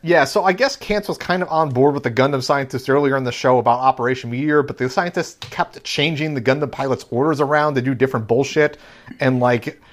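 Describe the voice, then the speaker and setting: A man hosting a casual podcast, recapping an episode in a relaxed, halting way with many fillers. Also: mid-range voice.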